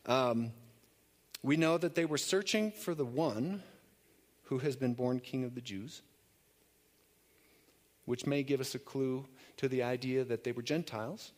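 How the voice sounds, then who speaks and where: A man's voice: medium pitch, unhurried, pauses often. A man preaching to his congregation in an easy, conversational way. He tells stories loosely and often restarts his sentences along the way. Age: adult. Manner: relaxed storytelling, loose with fillers and restarts. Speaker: pastor. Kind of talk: conversational sermon.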